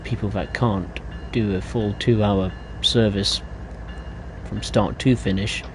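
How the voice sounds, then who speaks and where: A man streaming a train simulator game live, chatting in a relaxed way and thinking aloud as he drives. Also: fairly low pitch, slow pace. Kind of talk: live gameplay commentary. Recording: game train noise behind.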